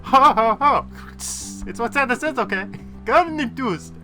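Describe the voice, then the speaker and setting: A man's voice: expressive, a little slow, bright, forceful tone, soft background music, heavily acted. A man doing an impression of Pepe the King Prawn, a male Muppet prawn telling corny jokes with a repeated "okay?". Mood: joking. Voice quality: high, squeaky comic shtick with a repeated "okay?".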